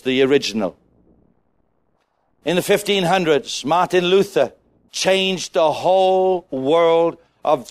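A man preaching a sermon to a congregation, animated and asking them questions. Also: on the high side. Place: church with a congregation.

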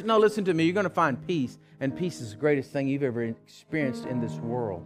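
A man preaching a sermon in a church, swinging from loud urgent calls to hushed pleading. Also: medium pitch, expressive, a little fast, few pauses, faint music behind. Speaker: pastor. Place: church sanctuary with live congregation.

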